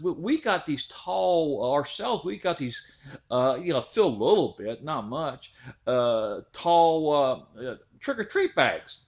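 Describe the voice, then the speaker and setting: A man in his fifties from Ohio telling a childhood story in a rambling, folksy way, with many restarts. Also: a little high. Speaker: storyteller, channel host. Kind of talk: casual spoken storytelling. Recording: dull lo-fi recording.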